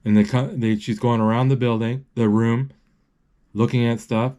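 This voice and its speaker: Man narrating a film live, dark and mellow, halting with constant restarts. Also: mid-range voice, steady tone. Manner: halting, with many restarts and self-corrections. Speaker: movie describer. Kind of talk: live play-by-play of a movie as it plays.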